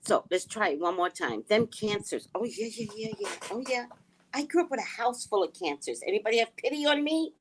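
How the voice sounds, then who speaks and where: A middle-aged woman hosting a casual livestream, chatting and reading viewer comments, animated with hushed asides. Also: mid-range voice, fairly quick, a little hiss or hum. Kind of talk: casual live chat.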